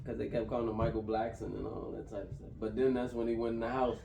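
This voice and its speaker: A man's voice: medium pitch, level tone, fast talker, vocal fry. A man reviewing a film in casual chat, retelling scenes in a loose, profane, run-together way. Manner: loose, profane storytelling, slurring phrases together. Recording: roomy, distant mic with faint background noise.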